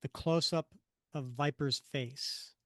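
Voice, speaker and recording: A man co-hosting a podcast in relaxed, casual chat, often chuckling and trailing off with fillers. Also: a little high, slow pace, dry recording. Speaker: podcast co-host.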